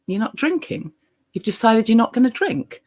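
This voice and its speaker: A woman's voice: a little high, expressive, normal speed, a little mellow, pitched above the performer's own voice. A woman voicing a chirpy, mocking wine witch who coaxes her to drink. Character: chirpy, tempting female wine witch, inner voice.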